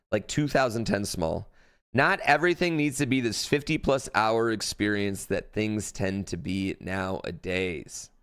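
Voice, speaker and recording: Animated, rambling male streamer. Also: on the low side, clear, resonant tone. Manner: rambling, blunt, swears, many fillers. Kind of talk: casual livestream reaction chat.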